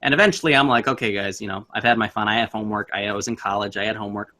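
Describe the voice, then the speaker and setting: Young man, bright forceful tone, animated casual ghost-story teller. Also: on the low side, racing. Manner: animated, acts out voices in his story.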